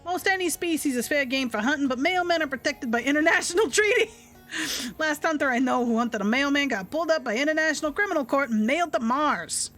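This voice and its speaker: A woman's voice: high voice, animated, quick pace, fairly bright tone, faint music behind. Blunt, defensive backwoods hunter man, read by a woman. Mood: boastful. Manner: rough dropped-grammar talk, defensive and boastful. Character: blunt rough male hunter, gruff and boastful.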